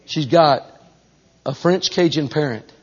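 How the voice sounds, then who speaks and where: A man with a Southern US accent preaching a storytelling sermon, folksy and animated, dropping to a hush and then rising loud. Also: on the high side, measured pace. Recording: dull lo-fi recording.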